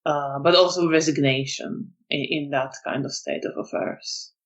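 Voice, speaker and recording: A storyteller narrating a tabletop vampire game in a hesitant, softly descriptive way. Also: mid-range voice, steady tone, moderate pace.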